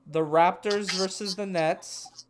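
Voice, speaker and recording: A man's voice: high-pitched, steady tone, slow pace, a little hiss or hum. A young man co-hosting a casual sports chat, rambling and restarting his thoughts mid-sentence. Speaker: podcast co-host.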